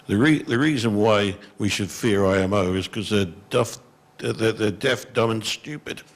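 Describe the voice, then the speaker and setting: A man's voice: fairly low pitch, normal speed. A middle-aged man, answering as a panelist in a conference hall in a blunt, exasperated, frank way. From England.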